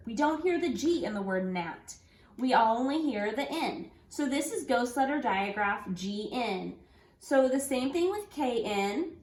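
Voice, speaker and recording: A woman teaching young children a phonics lesson, speaking slowly and clearly, spelling out letters and encouraging them. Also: fairly high pitch. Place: home room with an easel. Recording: echoey room.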